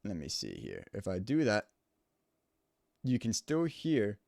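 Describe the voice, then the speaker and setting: A man's voice: lowish voice, huge pitch swings, measured pace, gravelly, a little mellow, dry recording. A man who works as an audio engineer explaining home studio recording in a casual, explanatory way, close to a studio microphone. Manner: casual and explanatory, stresses points by repeating them. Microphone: studio microphone at close range.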